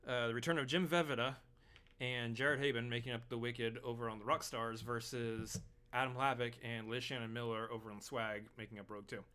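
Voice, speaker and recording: A man's voice: mid-range voice, fairly even intonation, fairly quick, bright, forceful tone, clean tone. A man from Texas co-hosting a casual movie podcast. He gives rambling recaps with restarts and teasing banter. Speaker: podcast co-host. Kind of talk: casual chat.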